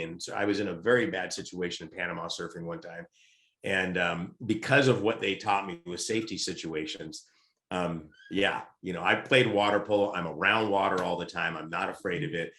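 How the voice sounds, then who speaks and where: A middle-aged man with a lowish voice tells lively stories as a podcast guest, in a casual way. The room around him is echoey. He talks like someone spinning a tale among friends. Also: moderate pace. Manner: lively anecdotal storyteller. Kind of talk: casual storytelling. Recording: roomy echo.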